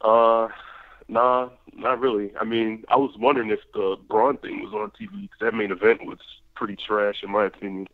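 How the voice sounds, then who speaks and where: A man calls in to a show and talks in an offhand, unimpressed tone. His voice is on the low side and comes through a tinny, dry phone line. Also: expressive, normal speed, vocal fry, dry recording. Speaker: caller. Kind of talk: casual call-in chat.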